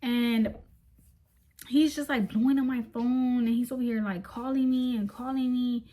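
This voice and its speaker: Young woman, vlogger, casual storytime, animated, slangy, talks to viewers, slightly high voice. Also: moderate pace.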